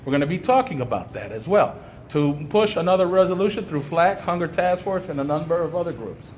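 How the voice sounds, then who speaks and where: A high-pitched man gives an impassioned press conference statement. His delivery is fiery and preacherly, climbing into outrage, and his voice rings through an echoey hall over faint background noise. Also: expressive, brisk, a little mellow. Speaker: community activist at press conference.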